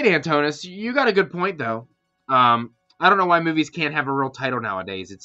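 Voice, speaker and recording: A man hosting a horror podcast in casual live-stream chat, rambling and excitedly answering messages from viewers. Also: medium pitch, dry recording, lo-fi sound.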